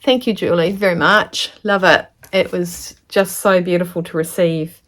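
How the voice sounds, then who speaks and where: Gushing woman vlogger with a low voice. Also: steady tone, normal speed. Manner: gushing, chatty, drops into soft whispers. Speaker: sewing vlogger. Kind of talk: casual unboxing chat to camera.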